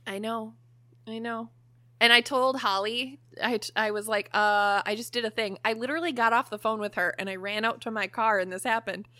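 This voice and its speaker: A young woman co-hosting a podcast, telling a story in a lively way, swearing freely and laughing often. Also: a little high, normal speed, no room sound. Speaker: podcast co-host. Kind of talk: casual chat, storytelling.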